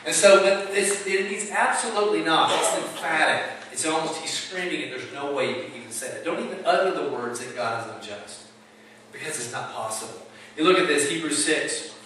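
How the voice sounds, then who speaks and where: A man's voice: on the high side, animated, fairly quick, sharp tone, a little hiss or hum. A man preaching a sermon in an emphatic, conversational way, asking rhetorical questions. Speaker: pastor. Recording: echoey hall, mic at a distance.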